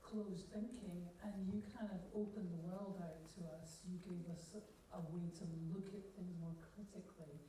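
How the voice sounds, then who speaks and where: A woman's voice: on the low side, fairly even intonation, normal speed, few pauses, mellow, slight background noise. A woman in her fifties in a cinema audience, asking an earnest question with many hesitations. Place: cinema auditorium Q&A. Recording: distant, very echoey hall.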